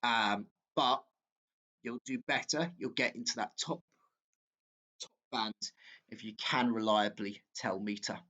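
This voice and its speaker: Slow, halting male teacher. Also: lowish voice, bright, forceful tone. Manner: slow, halting, with frequent fillers and self-corrections. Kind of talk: exam walkthrough lesson.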